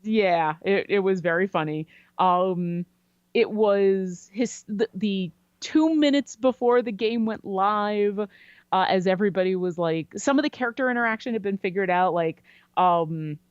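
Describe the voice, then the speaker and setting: A woman guest on a podcast, chatty and animated as she tells a story about a game. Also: medium pitch, measured pace, smooth, dry recording. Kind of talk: casual storytelling interview. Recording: dry, slightly dull lo-fi sound.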